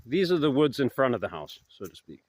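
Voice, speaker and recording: A man telling stories in a casual vlog, rambling and hesitant, his voice trailing off softly at the ends of thoughts, recorded outdoors in woods. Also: medium pitch, big pitch swings, fairly quick. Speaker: vlogger. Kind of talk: casual anecdotal storytelling.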